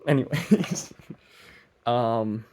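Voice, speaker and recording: A man's voice: medium pitch, extremely slow, a little mellow. Mumbling young man rambling while he works. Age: young adult. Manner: self-deprecating, mumbly, trails off and restarts. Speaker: vlogger. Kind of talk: casual rambling vlog while working.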